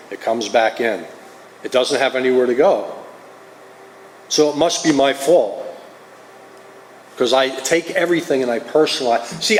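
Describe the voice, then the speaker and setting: A man's voice: medium pitch, slight background noise. A middle-aged man with a New Jersey accent, telling his own story to a recovery group in an earnest, confessional way. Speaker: recovery meeting speaker. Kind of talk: personal testimony. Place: meeting hall. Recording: roomy hall, faint ambience.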